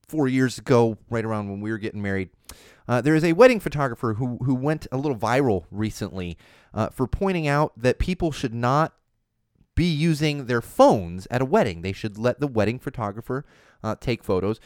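Male podcast host, 30s, lively swooping delivery, dry close sound, casual news riffing. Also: mid-range voice, dry recording. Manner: animated, riffing, rambling asides.

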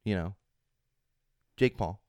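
A man hosting his own podcast, ranting with animated sarcasm and exasperation in a voice that sounds strained and worn. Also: sits low, takes it slowly, dry recording, clean studio sound. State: strained, fading voice. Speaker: podcast host. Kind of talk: opinionated solo podcast rant.

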